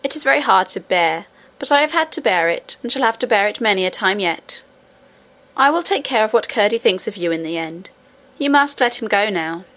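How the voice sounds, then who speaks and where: A woman reading aloud, voicing an old grandmother who speaks calmly and gently. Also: medium pitch, a little fast, lightly acted. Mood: gentle.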